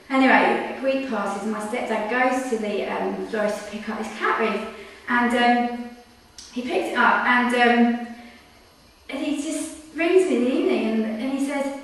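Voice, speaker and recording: A woman's voice: fairly high pitch, brisk. A woman telling a personal anecdote in a chatty way, full of fillers, acting out quotes and giggling. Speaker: storyteller. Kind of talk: personal anecdote told live. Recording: very echoey room, mic far off.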